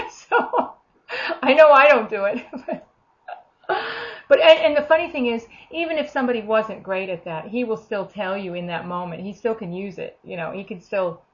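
A woman's voice: mid-range voice, highs cut off. A woman giving an informal, earnest sermon, talking conversationally and acting out the voices of the people she quotes. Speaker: preacher.

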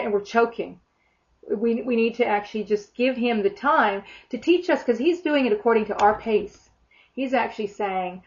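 A woman's voice: a little high, moderate pace. A woman preaching a sermon in a fervent, emphatic way, often acting out imagined prayers. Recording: dull lo-fi sound.

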